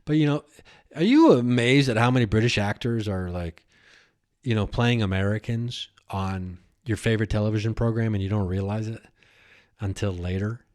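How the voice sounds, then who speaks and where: Rambling excitable comedian host. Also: male voice, on the low side, moderate pace. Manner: rambling, excitable, restarts and riffs. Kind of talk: casual solo podcast monologue.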